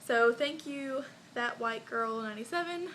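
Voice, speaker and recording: A woman's voice: fairly high pitch, a little slow, fairly bright tone, a little hiss or hum, low-quality recording. A young woman vlogger telling a personal story in a casual, chatty way, full of likes and ums and small laughs.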